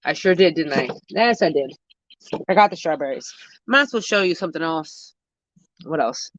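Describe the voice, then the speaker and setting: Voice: medium pitch, animated, normal speed, fairly bright tone, no echo. Slangy new gardener rambling outside on a phone cam, kinda muffled lo-fi sound. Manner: rambling, slangy, self-correcting. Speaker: gardening vlogger answering viewer questions. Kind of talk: casual chat. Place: outdoor home garden. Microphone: handheld phone camera while walking.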